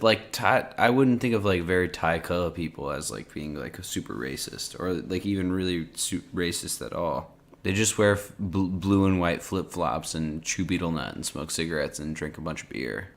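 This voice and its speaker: Low-voiced rambling podcast host, a man. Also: moderate pace. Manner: rambling, many likes and restarts, trails off quietly. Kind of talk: casual podcast chat.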